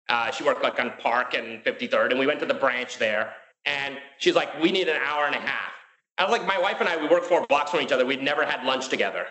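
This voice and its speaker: A man, a guest in a casual interview, tells his own story rapidly and with many fillers, acting out the dialogue he quotes. His medium-pitched voice has a sharp tone, and the audio is reverberant and poor.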